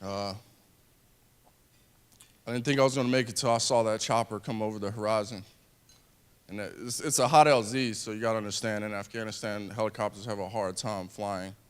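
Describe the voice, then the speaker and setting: A man in his thirties speaks to an audience about what he went through as a veteran. His voice is smooth and clear, and his earnest delivery halts and restarts now and then. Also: fairly low pitch, steady tone, a little fast, pauses often. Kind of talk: personal speech to an audience.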